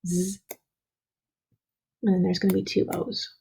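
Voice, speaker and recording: A woman teaching an early-grade spelling and writing lesson, slowly and patiently sounding out letters and words for young children. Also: medium pitch, creaky, warm tone, slight background noise, poor audio.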